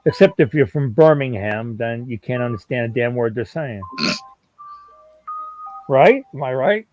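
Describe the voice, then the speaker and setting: A man's voice: mid-range voice, animated, measured pace, darkish tone, soft background music. Enthusiastic man on a dull remote line. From United States. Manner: enthusiastic, blunt, joking. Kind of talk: casual podcast chat.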